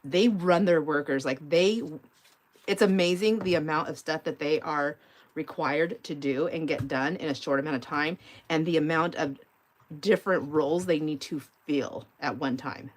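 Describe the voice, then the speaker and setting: A middle-aged woman with a fairly low voice chats casually on a live crafting stream. She rambles from story to story, laughs often, and talks straight to her viewers while she works. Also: moderate pace. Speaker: mixed media art livestream host.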